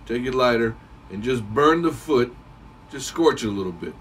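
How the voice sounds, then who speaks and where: A man giving a casual, rambling how-to talk as a cigar reviewer, clearing his throat now and then. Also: medium pitch, expressive, moderate pace, fairly bright tone, distant mic, slight background noise, low-quality recording.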